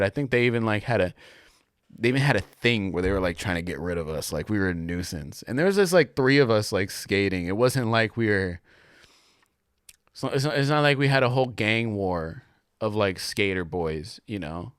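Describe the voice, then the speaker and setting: A young man talks on his own in a loose, rambling way. He packs in slang and filler words, and his voice sits fairly low. The sound is dry and close, with no room echo at all. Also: expressive, brisk, clean tone. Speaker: podcast host. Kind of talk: casual solo monologue.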